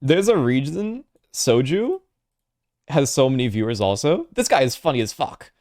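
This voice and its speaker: Animated, swearing young male streamer. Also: medium pitch, normal speed. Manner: animated, swears freely, laughs often. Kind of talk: casual live-stream reaction chat.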